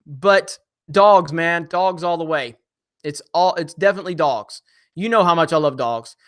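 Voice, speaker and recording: A young man hosting a casual live stream, reading viewer comments and joking with chat in an animated way. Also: fairly high pitch, moderate pace.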